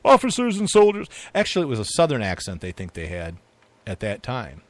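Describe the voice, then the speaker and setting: A man's voice: lowish voice, sing-song, fairly quick, no echo. A man co-hosting a casual political chat show, rambling with fillers and frequent asides. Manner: rambling, chuckling, filler-heavy. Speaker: podcast co-host.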